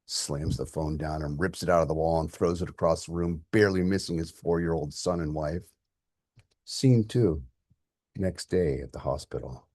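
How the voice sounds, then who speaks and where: Guy reading his own story, low dark husky voice, quiet and heartfelt. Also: normal speed, no room sound, clean studio sound. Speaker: podcast host and author. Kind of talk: reading a short story aloud.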